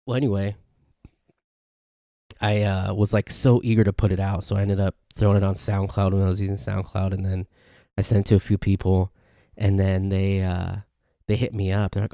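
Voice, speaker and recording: Dude rambling on his solo podcast, gravelly and kinda dark, dry mic sound. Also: lowish voice, level tone, normal speed, dry recording. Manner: rambling, self-correcting storytelling. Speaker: podcast host. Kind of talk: casual solo podcast rant.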